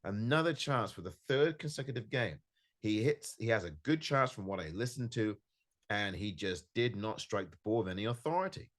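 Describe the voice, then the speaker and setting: A man's voice: fairly low pitch, expressive, normal speed. A man hosting a solo football podcast, reviewing a match in an emphatic, frustrated way and repeating himself for stress. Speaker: podcast host. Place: home recording in California.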